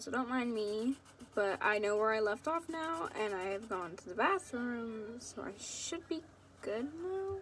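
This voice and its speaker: A woman's voice: a little high, a little hiss or hum. Rambling young woman telling a fan story. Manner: rambling, chatty asides. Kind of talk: casual reading of a fan story.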